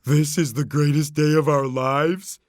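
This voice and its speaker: A dim, lazy starfish, put on by a male storybook reader who speaks loud and blunt. The voice is gravelly and pitched above the reader's own. The recording is dry. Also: slow pace, no room sound, exaggerated voice.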